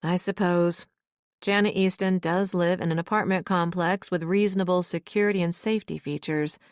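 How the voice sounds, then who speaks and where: A woman's voice: fairly low pitch, fairly even intonation, moderate pace, dry recording, clean studio sound, lightly acted. A woman voicing a brusque, possessive male billionaire boss who talks in blunt, clipped lines. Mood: defensive.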